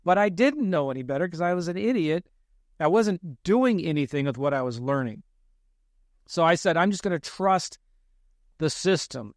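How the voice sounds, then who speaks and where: A man's voice: a little high, no room sound, studio quality. A man, a real estate investor, telling a story in a podcast interview, self-deprecating and acting out the lines he quotes.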